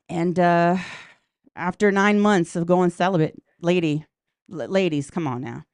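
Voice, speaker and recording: A woman works a comedy club crowd with a brash, profane stand-up set, chatting right at them. Her voice is smooth and clear. The sound is dry and close. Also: on the low side, moderate pace, a little mellow, no echo.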